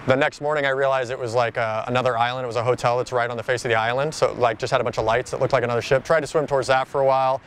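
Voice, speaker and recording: A man's voice: mid-range voice, steady tone, racing, hardly any pauses, a bit bright, slight background noise. A man being interviewed outdoors, telling a personal story in a rambling, casual way, full of "like" and "you know".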